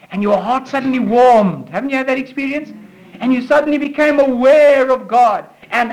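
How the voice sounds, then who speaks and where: A man delivering a sermon in a notably high voice. His preaching is fervent, rising to emphatic peaks and falling back low, with phrases repeated for weight. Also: a bit bright, poor audio. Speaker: pastor.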